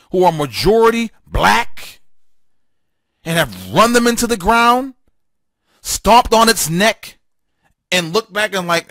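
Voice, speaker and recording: A man's voice: sits high, a bit bright, dry recording, clean studio sound. A man hosting a political talk show, delivering a fiery, emphatic solo monologue full of repetition and stammered restarts.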